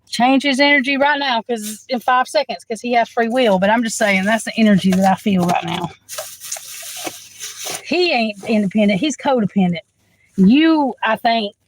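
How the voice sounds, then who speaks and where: Chatty, frank woman with a higher voice. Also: poor audio. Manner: chatty, frank, swears, laughs often, calls the viewer "girl". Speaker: tarot reader. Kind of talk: live tarot reading, casual chat. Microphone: phone.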